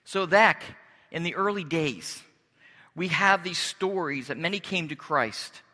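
A man preaching a sermon as pastor, earnest and deliberate, pausing and restarting as he speaks. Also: a little high, sharp tone, big-room sound.

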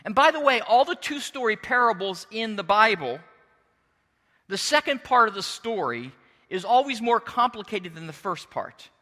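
A middle-aged pastor delivers a sermon with a storyteller's flair, often slipping into voices for the people he describes. His voice sits high and bright and swings widely in pitch, and the recording carries the long reverb of a large church hall. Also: moderate pace. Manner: expressive storyteller, switching into character voices.

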